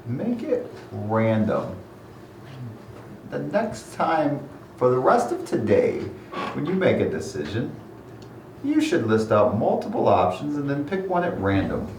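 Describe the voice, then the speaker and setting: A man's voice: mid-range voice, very animated, a little slow, a little mellow, slight background noise, voice pushed up. A man voicing a playful male trickster god who gives teasing, casual advice. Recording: echoey room, mic at a distance.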